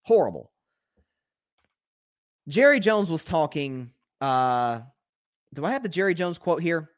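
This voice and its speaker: A man's voice: on the high side, sing-song. A man hosting a solo sports talk show, emphatic and rattling off stats. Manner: rapid-fire stat listing, emphatic.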